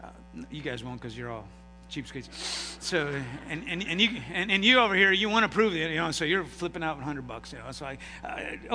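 A man preaching a sermon as pastor, telling stories with acted-out voices and lively emphasis. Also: on the high side, a little fast, hardly any pauses. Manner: animated storytelling with acted-out voices. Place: church sanctuary. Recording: live hall reverb with mains hum.

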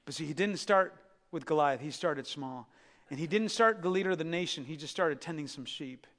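A man preaching a sermon, telling Bible stories with lively acted-out voices and asides to the congregation. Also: on the high side, a little fast. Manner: animated storytelling, acting out biblical characters. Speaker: pastor. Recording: reverberant hall.

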